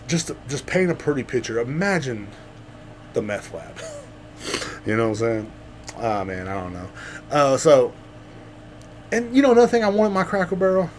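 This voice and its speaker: Man, podcast host, rambling comedic monologue, swears a lot, loud bursts then mutters, mid-pitched voice, faint background hum. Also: sing-song, moderate pace, pauses often. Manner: rambling, profane, swings between loud outbursts and mutters.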